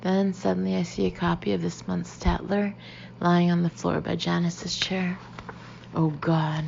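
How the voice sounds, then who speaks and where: A woman reading a first-person novel as an audiobook, expressive and slipping into breathy whispered asides. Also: lowish voice, unhurried, highs cut off, a little hiss or hum. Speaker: audiobook reader.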